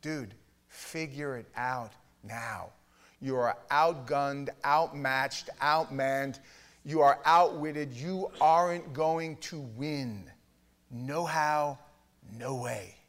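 A middle-aged man preaching a sermon in a Bible study, blunt and emphatic, with his voice swinging from loud to hushed. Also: medium pitch, drawn-out words. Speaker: pastor teaching a Bible study.

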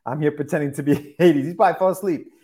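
A man's voice: a little high, fast talker, dark tone, slightly rough. A man co-hosting a podcast, talking in a laid-back, joking way. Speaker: podcast co-host. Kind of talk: casual chat.

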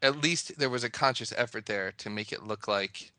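Man, podcast co-host, bright voice, dry sound, rambling. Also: medium pitch, normal speed, no echo. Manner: rambling, hesitant, many restarts and fillers. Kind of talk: casual podcast chat.

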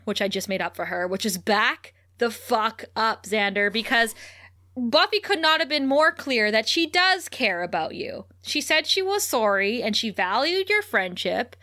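A woman's voice: a little high, pushed and bright. A woman co-hosting a podcast, chatting casually and animatedly as she recaps a show, swearing freely and acting out the quotes. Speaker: podcast co-host.

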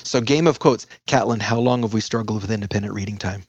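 Middle-aged guy guesting on an education podcast, fast chatty and jokey, dead dry sound. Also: lowish voice, husky, dry recording. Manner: energetic, chatty, jokey asides. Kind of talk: podcast interview.

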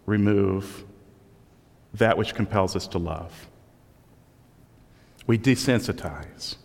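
A man delivers a sermon in a relaxed, conversational way, poking fun at himself. His voice sits at an ordinary middle pitch. The sound rings out with the long reverb of a church sanctuary. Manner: conversational, self-deprecating storytelling. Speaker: pastor.

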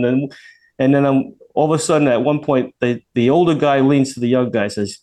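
A man's voice: medium pitch, normal speed. A man in later life, a retired federal agent, telling a long story as a guest on a radio show, acting out the voices of the people in it and often restarting his sentences. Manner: animated, acts out quoted voices, many restarts. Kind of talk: casual storytelling.

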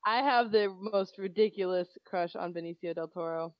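A woman's voice: fairly low pitch, normal speed, no room sound, muffled recording. A woman hosting a casual movie-review chat, gushing and playful and laughing a lot. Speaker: podcast host.

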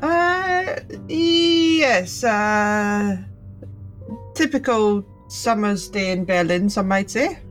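A woman's voice: medium pitch, expressive, drawn-out words, faint music behind. A woman playing a tabletop game in character, with hesitant, polite small talk. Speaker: player.

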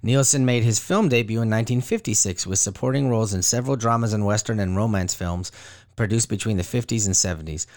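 A man's voice: fairly low pitch, fast talker, darkish tone. A man co-hosting a podcast in casual chat, loose and rambling, often correcting himself. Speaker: podcast co-host.

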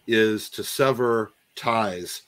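A man hosting a podcast, speaking earnestly and deliberately. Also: on the low side, a bit bright. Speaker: podcast host. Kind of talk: casual conversational interview.

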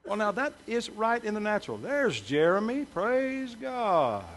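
A male pastor with a high, sing-song voice preaches a little slowly in a church sanctuary. Emphatic throughout, he makes joking asides to the congregation and bursts louder for scripture and punchlines.

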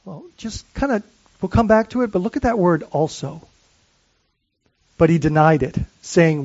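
A man delivers a sermon as pastor, his voice sitting high for a man. He talks earnestly, poses question after question and often restarts his sentences. The recording is dry and a little muffled. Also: expressive, moderate pace, pauses often, darkish tone, dry recording. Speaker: lead pastor.

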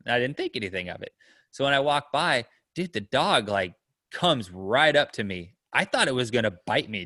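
A man's voice: mid-range voice, pushed and bright, dry recording, clean studio sound. A man telling a long story in casual chat, rambling, with lots of fillers, and acting out the people in it. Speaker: storyteller guest.

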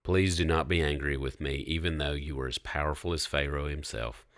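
Biblical supplicant, solemn and earnest, read plainly by a very deep-voiced man. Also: steady tone, brisk, fairly bright tone, no echo, clean studio sound. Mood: pleading. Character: biblical man pleading before a powerful ruler.

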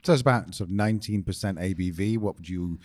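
A man's voice: sits low, fast, a little mellow. A man co-hosting a casual podcast, making dry, joking asides. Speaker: podcast co-host. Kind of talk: casual chat.

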